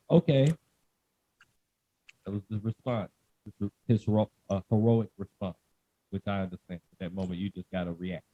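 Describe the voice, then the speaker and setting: A man's voice: mid-range voice, dry recording, narrow, tinny audio. A man co-hosting a casual podcast, reading a news story aloud with loose, profane jokes. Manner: loose, profane, joking, laughs often. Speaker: podcast co-host.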